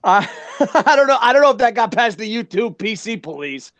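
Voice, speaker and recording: A fast-thinking man ranting about pro wrestling, heavy on swearing and restarts as he circles back to his point. His voice sits a touch high for a man and sounds close and dry, with no room around it. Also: no echo. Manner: rambling, profane, excitable. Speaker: podcast host. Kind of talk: casual wrestling chat.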